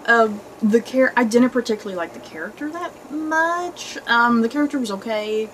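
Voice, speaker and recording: Woman, movie review host, high voice, animated chatter, faint hiss behind. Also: normal speed, rough recording. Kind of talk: casual movie review chat.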